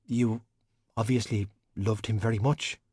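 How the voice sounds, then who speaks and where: A man's voice: on the low side, fairly even intonation, a little slow, a little mellow, husky, no echo, clean studio sound. A man voicing a nervous, insecure young man who sounds defensive and a little whiny. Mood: gentle.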